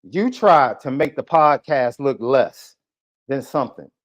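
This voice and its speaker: A man's voice: mid-range voice, animated, unhurried. A man hosting a podcast, ranting heatedly at a viewer in a combative, taunting, repetitive way. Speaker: podcast host. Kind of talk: heated live podcast rant. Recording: muffled lo-fi stream audio.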